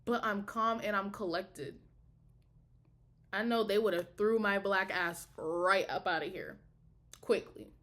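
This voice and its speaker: A woman's voice: mid-range voice, a little slow, long pauses, a bit bright. A young woman, a college student, talking heatedly and profanely in a casual video diary. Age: young adult. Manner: heated, profane, emphatic ranting.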